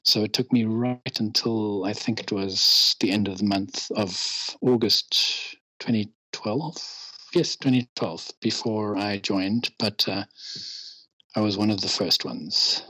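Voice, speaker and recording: A man talks as a podcast guest, chatty and self-deprecating, ready to rant. His voice sits low with a husky edge. The recording is dry and close, with no room sound. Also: takes it slowly, pushed and bright, no echo, rough recording. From England. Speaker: interview guest. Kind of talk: casual podcast interview.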